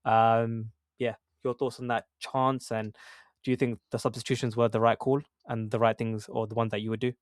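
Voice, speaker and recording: A man's voice: medium pitch, little pitch movement, normal speed, no echo, clean studio sound. A young man co-hosting a football podcast, talking casually with lots of fillers and restarts. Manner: conversational, many fillers and restarts. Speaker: podcast co-host.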